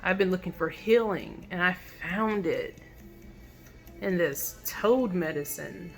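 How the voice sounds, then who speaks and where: Slow, gravelly woman recounting her experience. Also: lowish voice, faint music behind. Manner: reflective, halting, many fillers and restarts. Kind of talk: personal testimonial monologue.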